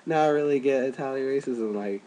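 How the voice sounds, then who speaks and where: A young man rambles through a casual vlog into a webcam at home, his voice sitting at an ordinary middle pitch. He piles on fillers and jumps way up high whenever he quotes someone. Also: brisk, dark tone, slight background noise. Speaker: vlogger. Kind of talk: casual chat.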